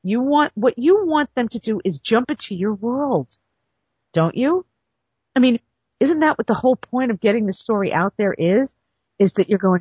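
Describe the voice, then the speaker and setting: A woman's voice: medium pitch, expressive, a little fast, husky, no echo. A woman hosting a podcast as a script editor, talking casually in a chatty, self-deprecating, folksy way. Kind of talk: casual monologue. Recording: dull dry lo-fi recording.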